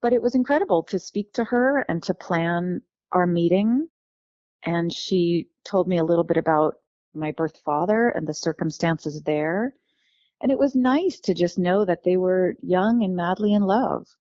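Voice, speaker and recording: A woman from California, a guest telling her life story in a lively, warm way, acting out the voices of the people she quotes. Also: fairly low pitch, normal speed, no room sound, highs cut off.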